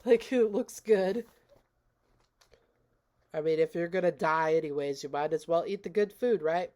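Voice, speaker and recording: A woman giving a casual, unhurried recap of a film's plot, slipping into quoted lines and laughing now and then. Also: low-pitched, dark tone. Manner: unhurried, retells scenes with quoted voices and laughs. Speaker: movie reviewer.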